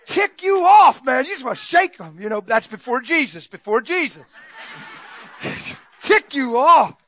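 High, bright-voiced animated preacher man. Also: measured pace, slight background noise. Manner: animated, laughing, bursts of shouting. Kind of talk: sermon.

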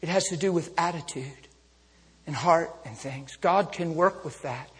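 High husky preacher in an echoing hall. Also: male voice, unhurried. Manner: animated, laughing, bursts into shouts. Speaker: traveling preacher. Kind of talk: sermon storytelling. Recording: long reverb of a large hall.

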